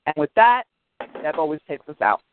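A man's voice: a little high, big pitch swings, normal speed. A man co-hosting a history podcast who reads passages aloud and makes rousing, impassioned pleas to his listeners. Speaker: podcast co-host. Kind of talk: reading history and plugging a podcast. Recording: dry, tinny phone line.

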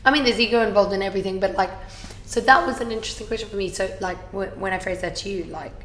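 A woman's voice: medium pitch, quick pace, a bit bright, echoey room, a little hiss or hum. A woman hosting a casual podcast chat, chatty and swearing casually. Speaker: podcast host.

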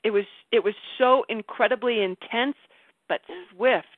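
A woman leading a casual group call, animated and self-mocking, laughing often as she talks. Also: on the high side, moderate pace, no echo. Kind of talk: casual group coaching chat. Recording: tinny phone line, dry.

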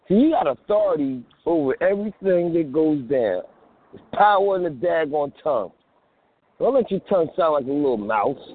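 A man's voice: a little high, expressive, moderate pace, no room sound. A man hosting a call-in show, preaching in casual street talk and acting out phone calls. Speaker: host. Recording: tinny phone-line sound.

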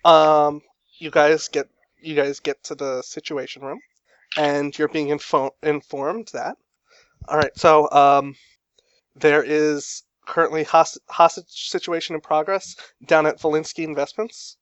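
A man narrating as game master of a tabletop game, relaxed, laughing between prompts. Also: on the high side, unhurried, clean tone, no room sound. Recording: dull dry lo-fi sound.

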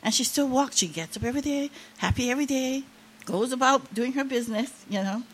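A woman's voice: high-pitched, brisk. Older woman preacher, impassioned testimony, rising emphasis, faint noise behind. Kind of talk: sermon.

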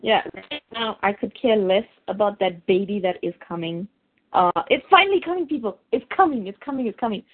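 A woman's voice: mid-range voice, fairly quick, hardly any pauses. Gushing woman on a tinny line. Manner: excitable, gushing. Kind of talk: casual chat.

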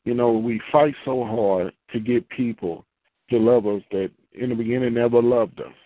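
A man preaches in a loose, repetitive, conversational way that climbs into fervent prayer. His voice sits at a middle pitch. It comes through a dry, tinny, phone-like radio line. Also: normal speed, dry recording. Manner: conversational, repeats phrases, rises into fervent prayer. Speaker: pastor.

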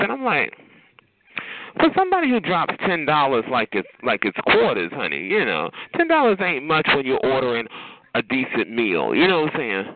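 A man's voice: mid-range voice, no room sound. Sassy man on a tinny phone line. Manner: sassy, drawn-out teasing with frequent "honey" and "child". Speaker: chat line caller. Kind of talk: casual chat roast.

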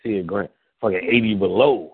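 A man telling profane, animated stories in casual chat as a radio guest. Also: on the low side, crowd noise. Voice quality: animated, profane, fast-shifting delivery. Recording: phone-like radio audio.

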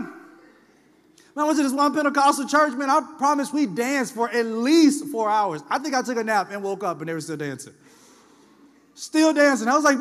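A pastor with an extremely high-pitched voice preaches a sermon at normal speed, and the sound suggests a big room. His style is loose and conversational, full of animated storytelling in which he acts out what people said.

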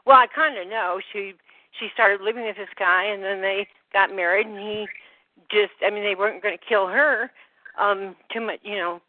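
A woman on a group phone call, slightly out of breath, talking in a halting way that trails off with many fillers. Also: mid-range voice, no echo. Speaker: call participant. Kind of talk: rambling phone call chat. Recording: dry phone-line audio.

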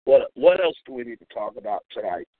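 A man's voice: mid-range voice, big pitch swings, a little fast, no echo. A man hosting a call-in radio show, delivering an angry, profane, mocking rant. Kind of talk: ranting call-in radio monologue. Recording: tinny phone-like audio.

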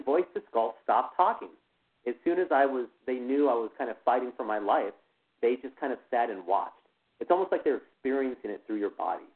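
A man speaking as a guest in an interview, telling a personal account in a halting way, full of "you know" fillers and restarts. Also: lowish voice. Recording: tinny phone line.

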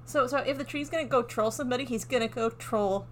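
A woman's voice: a little high, fast talker, a bit bright, a little hiss or hum. A woman co-hosting a podcast in casual chat, playful and laughing, acting out characters as she tells stories. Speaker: podcast co-host.

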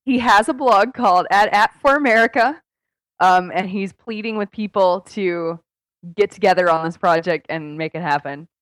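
Loud, excitable young woman on a podcast. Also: medium pitch, moderate pace, dry recording. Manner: loud, excitable, laughs often. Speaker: podcast co-host. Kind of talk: casual comedic podcast chat. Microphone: Skype call.

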